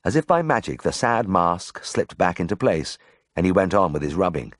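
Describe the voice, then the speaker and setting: Deep-voiced man narrating an audiobook. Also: moderate pace, dry recording. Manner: expressive first-person storytelling.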